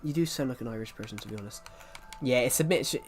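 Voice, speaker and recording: A man's voice: mid-range voice, fast, faint music behind. A young man with a mixed English and Welsh accent, chatting casually with viewers on a live stream. He rambles and restarts his sentences. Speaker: livestreamer reading chat.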